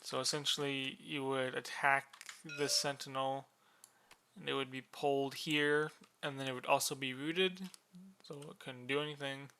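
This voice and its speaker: A man casually explaining the rules of a board game unit, relaxed and drowsy, with many fillers and yawns. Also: medium pitch, a little hiss or hum.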